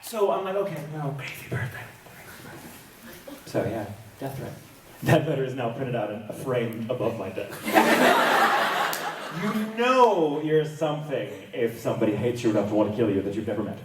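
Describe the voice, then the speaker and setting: A man's voice: mid-range voice, sing-song, moderate pace, heavy background noise. A man who voices characters, telling stories on a convention panel in a wry, self-mocking way and laughing often. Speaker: voice actor and panel guest. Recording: echoey convention hall, distant mic, crowd.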